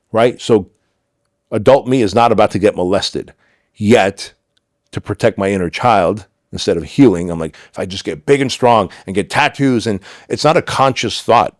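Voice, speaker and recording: Heard in clean studio sound with no room tone, this middle-aged man's voice runs on the low side. A podcast guest in a candid storytelling interview, he recounts personal stories with emphasis, dramatizes conversations, and swears occasionally.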